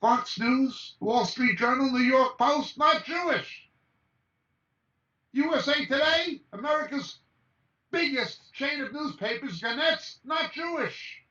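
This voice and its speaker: A man's voice: very high voice, animated, slow pace, pushed and bright. A man giving an impassioned message as a Bible teacher over a video call, talking emphatically and rattling off lists of names. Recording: echoey, distant, dull video-call audio.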